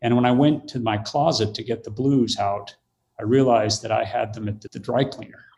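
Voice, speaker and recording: A man's voice: mid-range voice, steady tone, moderate pace, creaky, darkish tone. An older man, a podcast guest, telling a story in conversation and acting out the quoted voices.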